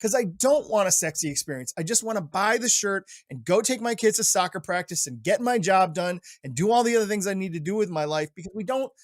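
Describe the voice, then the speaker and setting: Emphatic man, high and dry. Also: fast, few pauses, dry recording. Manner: emphatic and animated, peppered with "right?" and "like". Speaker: retail industry analyst. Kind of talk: panel discussion.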